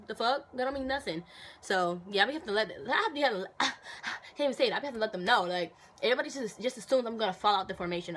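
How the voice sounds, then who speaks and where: Fast-talking animated young woman vlogger. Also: on the high side. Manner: animated storytelling, indignant outbursts, many fillers. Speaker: vlogger answering viewer questions. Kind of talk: casual Q&A vlog. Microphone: phone.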